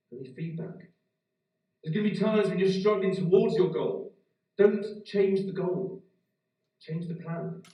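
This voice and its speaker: A man's voice: high-pitched, warm tone. A middle-aged British man giving a graduation keynote as a motivational speaker. He tells his story vividly, building energy, then gives earnest advice. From Britain. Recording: very echoey hall, speaker far from mic.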